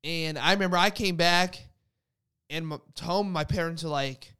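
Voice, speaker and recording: A man's voice: fairly high pitch, normal speed, sharp tone, clean tone, no room sound, clean studio sound. A young man casually telling a personal faith story, rambling with lots of "like" fillers. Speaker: guest sharing a faith story. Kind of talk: casual testimony chat.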